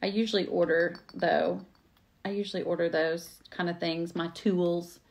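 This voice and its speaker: A woman's voice: on the low side, flat delivery, normal speed, vocal fry. A middle-aged woman, chatting casually and laughing at herself as she crafts at her table at home. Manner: chatty, self-mocking, exclaims often. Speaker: craft vlogger. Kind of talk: casual live craft chat.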